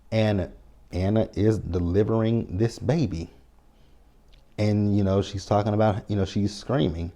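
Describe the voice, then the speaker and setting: A man with a lowish, mellow voice runs through a TV episode recap in a loose, chatty way. He tells it with lots of profanity and acts out his own reactions to each scene. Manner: animated, profane storytelling with quoted reactions. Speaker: TV recap reviewer. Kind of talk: casual spoken recap.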